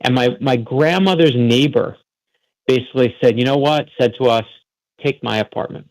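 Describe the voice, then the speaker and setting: A man's voice: medium pitch, moderate pace, darkish tone, poor audio. A man from Florida, a guest author on a radio show, telling earnest, heartfelt stories in an interview.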